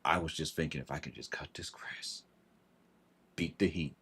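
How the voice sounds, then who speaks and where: A man telling a personal story on a livestream, halting and repeating himself, with frustration in his voice. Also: very deep voice, creaky, sharp tone, slightly rough. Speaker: vlogger.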